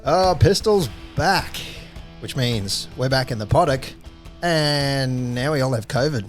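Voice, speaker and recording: A man's voice: medium pitch, faint music behind. An Australian man hosting a casual podcast, bantering wryly and reading sponsor plugs. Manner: wry, exasperated, quick reads of sponsor plugs. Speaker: podcast host. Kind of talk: casual banter and show intro.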